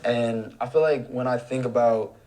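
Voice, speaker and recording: A young American man in a debate, speaking in a measured, articulate, reflective way. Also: mid-range voice, warm tone. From United States. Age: young adult. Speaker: debate panelist. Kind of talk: thoughtful debate talk.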